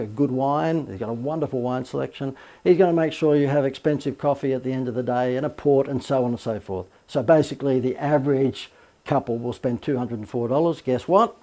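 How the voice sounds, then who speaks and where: A man, a marketing coach, giving a recorded course lecture full of lively anecdotes and emphatic asides. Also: medium pitch.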